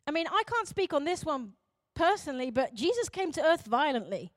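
A young woman pastor delivers a sermon in a high, bright voice with big pitch swings and a fairly quick pace. She preaches emphatically, rising to loud, urgent calls and sinking to quiet intensity. The recording is dry and close, with no echo.

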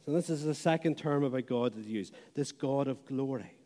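A man preaching a sermon, slow and deliberate, letting phrase ends fall away softly. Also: medium pitch. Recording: long hall reverb.

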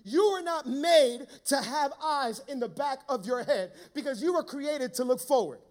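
A man's voice: very high-pitched, lively intonation, moderate pace. A man pastor preaching a sermon, telling a funny story and calling out to the church. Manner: preaching with humor, calls to the church.

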